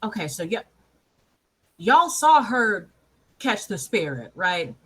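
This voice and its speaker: A woman's voice: medium pitch, sing-song, slow, bright, forceful tone, husky. Wry, anxious woman at a game table. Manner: anxious, wry, casually profane. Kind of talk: casual tabletop play.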